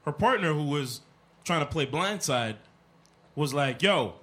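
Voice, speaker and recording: A man's voice: fairly high pitch, a little slow. A man, animatedly retelling a run-in in casual chat, acting out the voices. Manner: animated, acts out dialogue in anecdotes.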